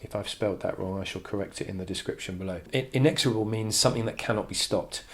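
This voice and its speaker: A man with a slightly low voice talks through a poem as a teacher. He thinks aloud, repeats and restarts his phrases, and reads the quoted lines with stress. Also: quick pace. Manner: thoughtful, many restarts, reads quotes with emphasis. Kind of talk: poetry analysis lesson.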